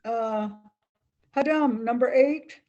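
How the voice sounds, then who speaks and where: Student voice, slow and hesitant, repeats words back; roomy, muffled audio. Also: medium pitch, darkish tone. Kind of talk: answering in class. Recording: echoey, dull sound.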